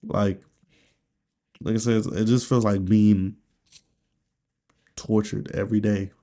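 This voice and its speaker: Low-voiced man in a candid video diary. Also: level tone, slow pace, dark tone. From Nigeria. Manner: candid, profane, rambling talk. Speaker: vlogger.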